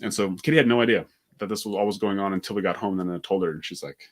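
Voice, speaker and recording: Fast-talking man in casual chat. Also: low-pitched. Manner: fast, animated, many "like" fillers. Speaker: podcast co-host.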